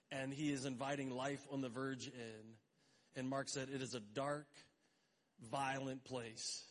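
A middle-aged pastor with a mid-range voice delivers his sermon in a relaxed, conversational manner. He tosses in joking asides and briefly acts out quotes.

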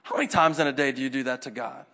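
A man preaching a sermon, animated and acting out the voices in the scripture stories. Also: mid-range voice, racing. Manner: animated, acts out scripture dialogue in varied voices.

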